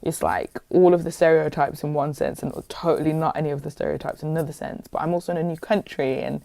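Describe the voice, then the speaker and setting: Low-voiced chatty British woman. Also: fast, gravelly, no room sound. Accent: British English. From England. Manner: lively, chatty, heavy use of "like". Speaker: guest musician. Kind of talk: casual interview storytelling.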